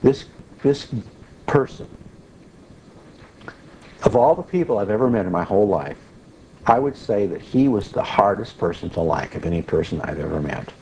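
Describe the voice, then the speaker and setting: A man giving a Christian teaching, telling a personal story in a folksy, animated way with frequent restarts. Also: fairly low pitch, moderate pace, pauses often, a little hiss or hum, rough recording. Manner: folksy, animated when retelling, restarts often. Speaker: Bible teacher.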